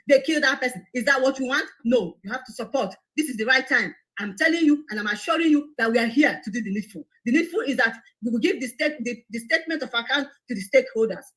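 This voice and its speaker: A woman's voice: sits high, a bit bright, low-quality recording. A woman making an impassioned, pleading appeal on a live broadcast, indignant and repeating herself.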